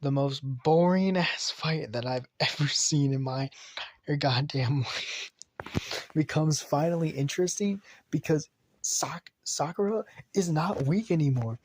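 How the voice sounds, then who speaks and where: A man casually retelling an anime fan story, rambling and excitable, swearing and restarting often. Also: on the high side, a little slow.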